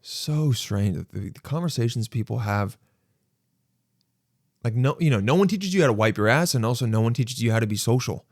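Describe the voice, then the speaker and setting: A young man rambles through a solo podcast in a dry, close recording with no room sound. His pitch sits in the middle for a man. He mocks himself and slips into voices for imagined conversations. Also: lively intonation, a little fast, dry recording. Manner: rambling, self-mocking, acts out imagined dialogue. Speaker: podcast host.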